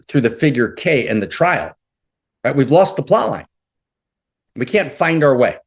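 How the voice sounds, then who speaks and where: A man leading a spiritual talk, impassioned and repeating his phrases, often checking in with "right?". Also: mid-range voice. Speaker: spiritual teacher.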